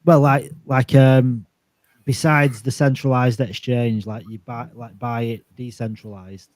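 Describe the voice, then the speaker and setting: Male host, mid pitch, dry close sound, rambling casual chat. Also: steady tone, a little slow, a little mellow, no room sound. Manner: repeats himself, lots of likes and restarts. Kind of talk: casual chat on a live audio stream.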